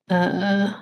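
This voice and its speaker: A woman's voice: on the high side, gravelly, husky, lo-fi sound. A woman playing a tabletop game, chatting casually with a wry, laughing, swearing manner. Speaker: player. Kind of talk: casual tabletop play chat.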